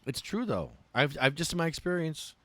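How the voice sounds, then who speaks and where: A man talks on a casual podcast, swearing and ranting with a lot of heat. His pitch swings up and down as he goes. The sound is dry and close, with no room echo. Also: normal speed. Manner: profane, ranting, animated. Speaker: podcast host.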